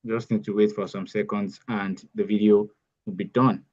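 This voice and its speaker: A man's voice: fairly low pitch, level tone, moderate pace, dark tone, muffled recording. A man teaching an online workshop step by step, repeating key phrases as he goes. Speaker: AI bootcamp instructor. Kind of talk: live online tutorial.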